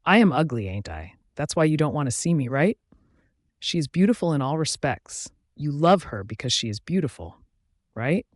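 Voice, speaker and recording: A man's voice: a little high, big pitch swings, moderate pace, no echo, clean studio sound. A man voicing Ezra, a drunk heartbroken she-wolf. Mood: bitter. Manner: pleading, raised voice.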